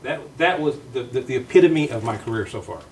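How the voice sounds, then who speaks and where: A man from Oklahoma, an actor appearing as a guest on a talk show, speaking in a folksy, excited way. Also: mid-range voice, fairly quick, slight background noise. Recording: voice from a distance off-mic.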